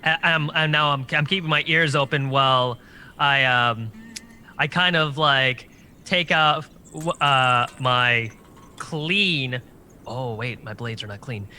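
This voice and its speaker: A man's voice: mid-range voice, slow pace, bright, forceful tone, slight background noise. A man describing his character's actions in a tabletop game, hesitant and full of restarts. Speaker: player. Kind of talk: casual tabletop game talk.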